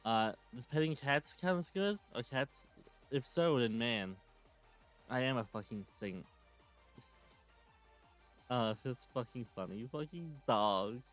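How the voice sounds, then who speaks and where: A man's voice: mid-range voice, lively intonation, slow pace, pauses often, faint music behind. A man in his twenties giving a sarcastic, swearing rant while commenting on clips. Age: 20s. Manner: sarcastic, ranting, swears often. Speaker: commentary channel host.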